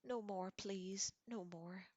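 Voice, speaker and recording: An old wizard headmaster pleads in slow, broken whispers, as a woman puts him on in whispered role-play. The voice sits low, and the recording is dry and close. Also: level tone, no room sound, lo-fi sound. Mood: anguished pleading.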